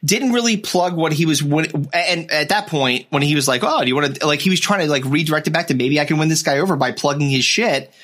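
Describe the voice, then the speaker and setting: A man's voice: on the high side, fast, few pauses, a bit bright. A man co-hosting a podcast in casual, profane, joking banter. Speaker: podcast co-host.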